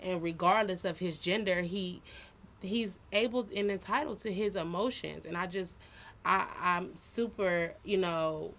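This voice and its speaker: A woman in her thirties co-hosts a podcast, speaking in a low-leaning, unhurried voice with a fairly bright tone. She shares personal stories in an earnest, reflective, conversational way.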